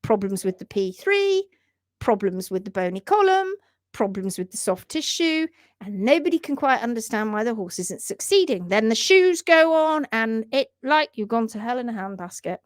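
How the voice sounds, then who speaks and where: Animated woman ranting on a livestream. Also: fairly high pitch, moderate pace, no echo, clean studio sound. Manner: animated, emphatic, indignant rants. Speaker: hoof trimming educator, livestream host. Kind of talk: livestream chat reading comments.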